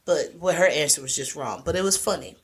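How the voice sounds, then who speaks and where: A woman's voice: deep voice, a little fast, breathy edge. A woman, casually chatting as a podcast co-host and recapping a movie with lots of fillers and playful asides. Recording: podcast voice recording.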